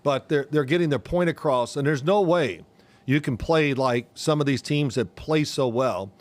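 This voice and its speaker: An older man co-hosting a casual sports podcast, an animated storyteller who acts out the voices of people he quotes. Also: medium pitch, normal speed. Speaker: podcast co-host, former quarterback.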